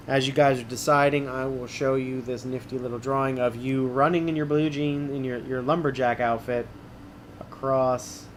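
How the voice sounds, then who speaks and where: There's a little hiss or hum behind this medium-pitched man. He's middle-aged and streaming a casual read-aloud of an adventure book, peppered with wisecracks at his own expense.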